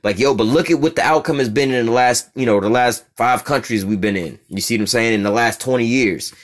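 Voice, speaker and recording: A man's voice: mid-range voice, fairly quick. A man giving a street-style religious teaching, reading out a text and explaining it in blunt, profane language, often asking "you see what I'm saying?".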